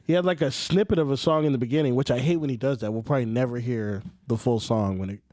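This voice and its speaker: A man's voice: medium pitch, fast, darkish tone, no room sound, clean studio sound. Laid-back man, loose podcast banter. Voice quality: loose, profane, laughing often. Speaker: podcast co-host. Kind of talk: casual chat.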